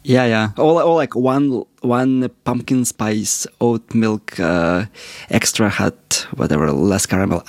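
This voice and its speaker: Gravelly-voiced man co-hosting a podcast. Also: lowish voice, no echo, clean studio sound. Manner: halting, many restarts, chuckles often. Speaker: podcast co-host. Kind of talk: casual chat.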